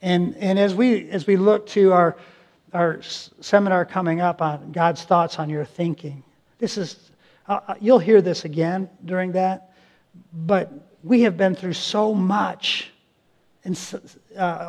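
A man's voice: sits high, steady tone, measured pace. A middle-aged male pastor preaching a sermon, emphatic, repeating phrases and restarting his sentences.

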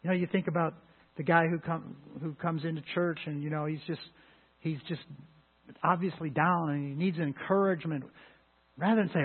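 Male pastor, higher voice, preaching with emphatic bursts; thin phone-like recording. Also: normal speed, breathy edge. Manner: emphatic preaching with many restarts and sudden loud rises. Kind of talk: sermon. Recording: phone-like lo-fi line.

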